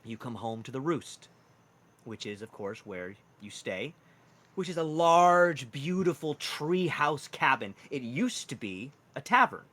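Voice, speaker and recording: A man's voice: medium pitch, expressive, a little slow, fairly bright tone. A man narrating a tabletop role-playing game as game master in a casual, rambling way. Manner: casual, lots of "like" and "kind of".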